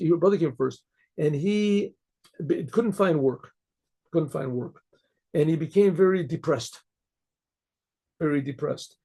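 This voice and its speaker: Gravelly, halting rabbi telling a story. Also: male voice, fairly high pitch, mellow. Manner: halting, many restarts and fillers, clears throat often. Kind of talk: casual spoken storytelling.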